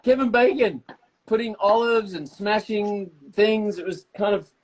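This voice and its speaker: A man's voice: high-pitched, unhurried, background noise. A man actor bantering playfully on a live video call, teasing and joking. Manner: teasing, jokey, banters freely. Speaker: actor co-hosting a live stream.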